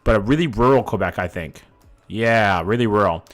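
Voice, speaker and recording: Over soft background music, a man speaks at a moderate pace in a lowish voice. He's a Vancouver streamer in his thirties who swears casually while guessing locations and reading chat.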